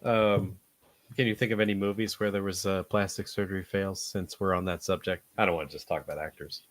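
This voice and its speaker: A man hosting a casual podcast chat, animated and hesitant, with many fillers. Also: low voice, brisk. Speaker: podcast host.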